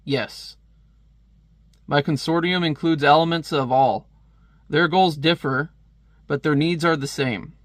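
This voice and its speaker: A man's voice: a little high, unhurried, long pauses, a bit bright, no echo, studio quality. A man voicing a scheming arms-dealer villain in a cold, contemptuous manner. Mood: scornful.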